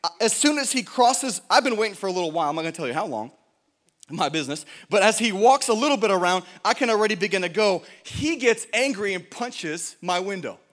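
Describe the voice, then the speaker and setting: A man delivers a sermon in a high voice, telling stories with plenty of restarts and jokes. His voice carries a long reverb, as if it fills a church hall. He is animated and lightly comic, then earnest. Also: fairly quick. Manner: animated, jokey, self-interrupting. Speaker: pastor. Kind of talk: sermon with storytelling.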